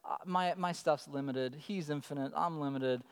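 A man in his thirties preaching a sermon as pastor, telling stories in an animated way. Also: a little high, moderate pace, clean tone. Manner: animated storytelling, acting out his child calling. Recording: long reverb of a church hall.

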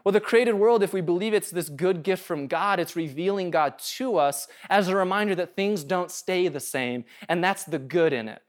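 A male pastor with a high-pitched voice talks at normal speed and barely pauses. His sermon is casual and conversational, full of jokes, and he keeps checking in with the room by asking "right?"

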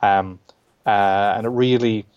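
A low-pitched Irish man chats about his writing in an interview, halting and restarting his sentences with plenty of fillers. The recording sounds dull and a little lo-fi. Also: fairly even intonation, darkish tone, smooth. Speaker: comic book writer. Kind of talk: casual interview chat.

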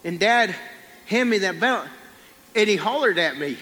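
A man preaching a sermon, telling a folksy personal story and dropping low on quiet lines. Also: animated, measured pace, in a large hall.

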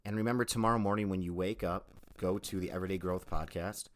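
A man's voice: sits low, fairly even intonation, fast. A man hosting a podcast, closing the episode in an earnest, heartfelt way, repeating phrases for emphasis and getting choked up. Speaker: podcast host. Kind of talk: casual podcast outro.

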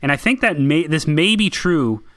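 Bright-voiced podcast host, dry close sound. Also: male voice, fairly high pitch, expressive, moderate pace, dry recording. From central Massachusetts. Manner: opinionated, rambling with many "like"s and restarts. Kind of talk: casual chat.

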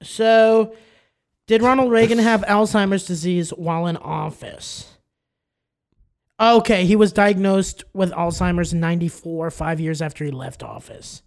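A man with a fairly high voice, co-hosting a casual podcast chat. He tells stories in an animated way, laughs often and acts out what others said. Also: unhurried. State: has an ear infection. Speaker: podcast co-host.

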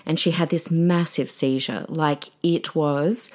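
A woman's voice: low-pitched, fairly even intonation, slow pace, darkish tone. Chatty woman podcast host. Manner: chatty and gushing, many fillers and asides. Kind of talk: casual solo podcast chat.

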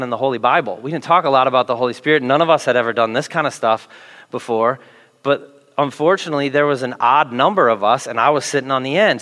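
A male pastor tells a story from the stage in a slightly high voice, animated and self-deprecating. His sermon carries a long reverb from a large church hall.

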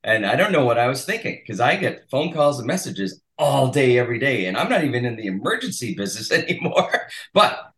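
A man's voice: mid-range voice, a bit bright. A man in his sixties from Massachusetts, a chiropractor guest chatting in a rambling way with frequent restarts. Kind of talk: casual podcast interview. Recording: roomy echo.

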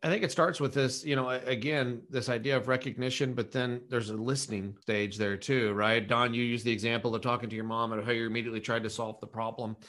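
A man's voice: medium pitch, steady tone, fast talker, hardly any pauses, fairly bright tone. A man consultant summarizing the discussion in a structured way. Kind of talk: casual podcast discussion.

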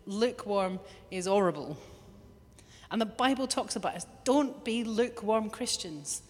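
A woman's voice: medium pitch, unhurried. Woman preaching in a reverberant hall. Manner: lively, acts out little quoted voices. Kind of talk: sermon.

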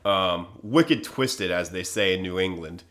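A man's voice: deep voice, a little slow, a bit bright. Chill podcast guy telling a story, laughs a lot, does little voices for people. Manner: laid-back, laughs often, acts out quotes. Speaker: podcast co-host. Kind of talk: casual storytelling chat.

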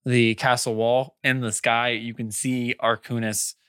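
A man narrating as game master of a tabletop game in a relaxed way, with many fillers. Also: mid-range voice, unhurried, smooth, dry recording, studio quality.

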